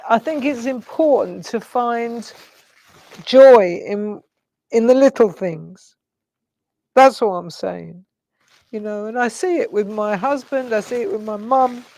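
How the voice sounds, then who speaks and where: A woman's voice: on the high side, slow, pauses often, dark tone. A middle-aged woman, hosting a live craft show and musing in a rambling, reflective way while tearful. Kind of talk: casual live-stream chat.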